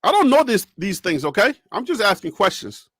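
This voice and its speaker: A man with a strikingly high voice runs a loose sports talk segment. He rambles, jokes and keeps turning to the audience with rhetorical questions. The sound is dry and close. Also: very animated, brisk, fairly bright tone, dry recording. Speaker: sports talk show host. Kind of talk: casual sports talk commentary.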